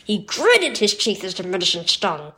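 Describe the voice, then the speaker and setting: Lady reading a kids' bible story, super expressive, lots of ups and downs. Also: mid-range voice, normal speed. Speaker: devotional reader. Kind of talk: scripted children's devotional reading.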